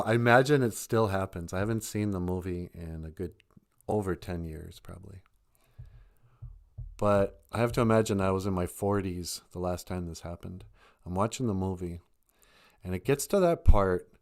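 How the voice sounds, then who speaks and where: Man in his 50s, live-stream chat, rambling storyteller, laughs a lot, slightly low voice. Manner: animated, rambling, laughs often.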